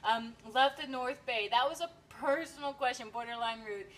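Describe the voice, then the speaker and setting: A woman's voice: high voice, moderate pace, distant mic, rough recording. A woman hosting a live cooking stream, chatting to viewers and reading their comments with many fillers and giggles. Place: home kitchen.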